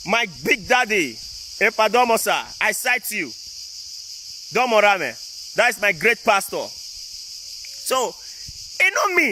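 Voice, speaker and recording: A Nigerian man speaking Pidgin English-accented talk in a very high, bright, forceful voice. He rants straight to his viewers, pressing his points over and over like a preacher. The recording carries a faint hiss of noise. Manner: emphatic, repetitive, preachy. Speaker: vlogger. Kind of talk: casual political rant to viewers.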